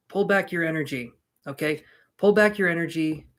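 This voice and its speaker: A man's voice: a little high, normal speed, a bit bright. A man reads tarot cards live on a stream. He chats casually with his viewers and slips in joking asides between readings. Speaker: tarot reader.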